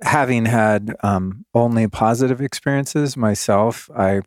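A man's voice: mid-range voice, a little slow, no room sound, studio quality. A man hosting a podcast, asking thoughtful, hedging questions in a conversational way. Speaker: podcast host. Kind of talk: conversational interviewing.

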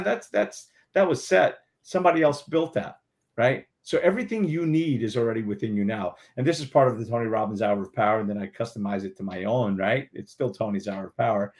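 A man speaking as a guest on a talk show, giving earnest, emphatic motivational advice and repeating affirmations. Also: medium pitch.

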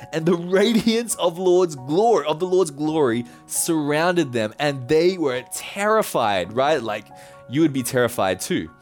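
Pastor guy preaching, kinda high voice that swings all over, casual and playful, soft music underneath. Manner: animated storytelling, casual and playful. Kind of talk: sermon.

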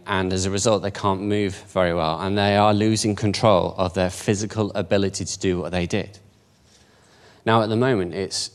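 Low-voiced man in his fifties, chatty church talk. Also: smooth. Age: 50s. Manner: conversational and self-deprecating, asks the audience questions. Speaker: church speaker. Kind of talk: informal church talk to a congregation.

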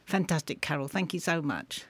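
A woman's voice: low voice, moderate pace, breathy edge. A woman hosting a podcast, full of praise and stammering over the starts of her sentences. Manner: effusive, repeats her words and stammers when she starts a thought. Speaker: podcast host. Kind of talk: casual interview chat.

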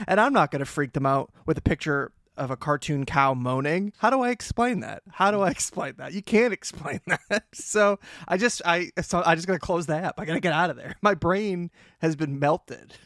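A young man co-hosting a podcast, telling stories in a lively way and laughing often. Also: on the high side, moderate pace, few pauses, no echo, studio quality. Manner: animated storytelling with laughs. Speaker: podcast co-host. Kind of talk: casual chat.

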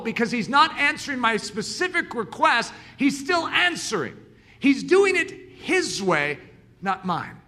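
Bright, lively male preacher. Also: very high voice. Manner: animated storytelling, acts out dialogue. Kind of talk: sermon.

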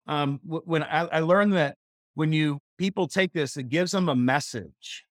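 A man from Missouri coaches real estate agents in a seminar room, speaking in a fairly high voice. He is emphatic and repetitive and keeps restarting and correcting his sentences. The sound is clean studio audio with no room sound.

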